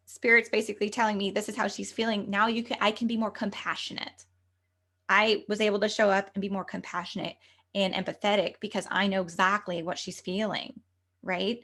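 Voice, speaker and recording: A woman's voice: medium pitch, fairly quick, fairly bright tone. A young adult woman, a medium and coach, speaking as a podcast guest in an earnest, flowing way with many fillers. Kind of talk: casual interview talk.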